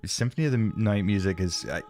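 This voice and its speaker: Low-voiced man chatting on a stream. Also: brisk, a little mellow. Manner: rambling, self-deprecating, reads chat aloud. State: sniffly from allergies. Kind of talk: casual live-stream chat.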